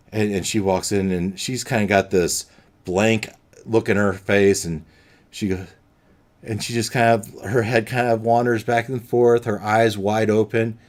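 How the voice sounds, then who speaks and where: A man narrating as game master of a tabletop game, casual and halting with many restarts. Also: fairly low pitch, fairly even intonation.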